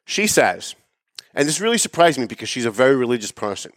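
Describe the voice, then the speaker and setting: A man hosting a political commentary show, talking sarcastically and emphatically. He swings between raised, pointed emphasis and low asides. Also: sing-song, fast, dry recording, studio quality. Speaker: show host. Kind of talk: opinionated political commentary monologue.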